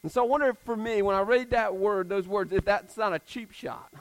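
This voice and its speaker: Male pastor, high-pitched, conversational sermon delivery with casual asides, dry sound. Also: brisk, no echo, poor audio. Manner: conversational preaching with casual fillers; swings between emphatic and hushed.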